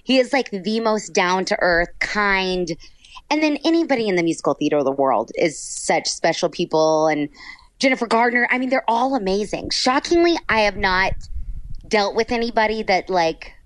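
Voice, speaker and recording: A woman's voice: medium pitch, lively intonation, moderate pace, no echo. A woman from Texas, a voice actor chatting in an interview, bubbly and gushing, with lots of "like". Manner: bubbly, gushing, heavy use of "like". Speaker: voice actor guest. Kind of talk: casual interview chat.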